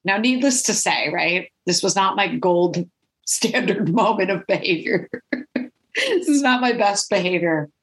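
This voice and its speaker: A woman podcast host telling a personal story in a lively, animated way, often laughing and checking in with "right?". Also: mid-range voice, measured pace, low-quality recording. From California. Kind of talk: storytelling monologue.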